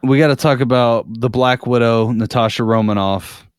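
A man's voice: medium pitch, steady tone, normal speed, smooth, no echo, studio quality. A man in a casual podcast chat, a profane, rambling storyteller.

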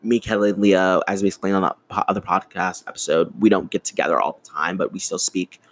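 A man's voice: low voice, quick pace. A young man in his twenties hosting a podcast, telling a rant-filled story in casual solo talk, swearing freely. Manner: animated, swearing, ranting storyteller. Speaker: podcast host.

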